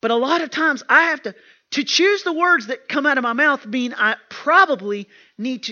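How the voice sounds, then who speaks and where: A woman's voice: high voice, moderate pace, bright, forceful tone, muffled recording. A woman speaking at a women's retreat, preaching emphatically and often repeating herself in a plain, homespun way. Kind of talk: sermon.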